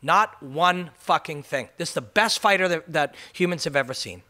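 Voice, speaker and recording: A man's voice: on the high side, lively intonation, moderate pace, bright, forceful tone. A man hosting a ranting MMA commentary video, passionate and emphatic, swearing for punch.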